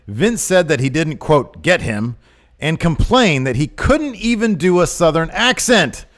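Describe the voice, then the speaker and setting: A man's voice: on the high side, a little slow. A man co-hosting a casual wrestling podcast, getting worked up and exasperated as he talks. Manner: animated, gets worked up and exasperated. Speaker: podcast co-host.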